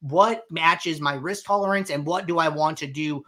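A man hosting a live question-and-answer show, explaining software settings in a conversational way with frequent fillers. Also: on the high side, moderate pace. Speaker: host answering viewer questions. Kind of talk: live Q&A tutorial, walking through software.

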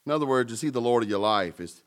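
A man's voice: medium pitch, lively intonation, fast. A man preaching a sermon in a conversational way, with playful asides and emphatic peaks. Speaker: pastor.

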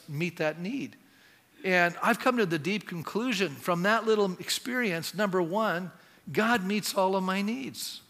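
A man's voice: high-pitched, sharp tone, in a large hall. A man preaching a sermon as pastor, speaking in a conversational way and putting questions to the congregation. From Canada.

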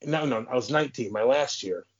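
A former hockey player from St. Louis, USA, a man in his thirties, guests on a podcast and tells rambling, swear-filled stories in a casual way. His voice is mid-range and a little fast, and the muffled podcast audio sounds lo-fi.

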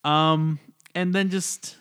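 A man's voice: fairly high pitch, fairly even intonation, slow, a bit bright, clear, resonant tone. A man co-hosting a podcast, chatting playfully about comics with lots of fillers and giggles. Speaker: podcast co-host. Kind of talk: casual comic review chat.

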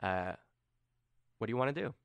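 A man's voice: mid-range voice, expressive, moderate pace, vocal fry, clean tone, no room sound. A man narrating as game master in a casual, rambling way with lots of fillers.

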